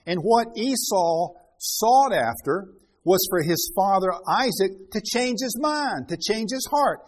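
A man's voice: high voice, animated, unhurried. A man preaching a Bible-teaching sermon, reading scripture aloud with rising emphasis and then explaining it in loose, restarting talk.

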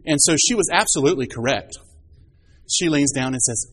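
Guy preaching a sermon, tells family stories, asks the crowd lots of questions, kinda high voice. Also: fairly quick. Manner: animated storytelling, rhetorical questions, rising emphasis.

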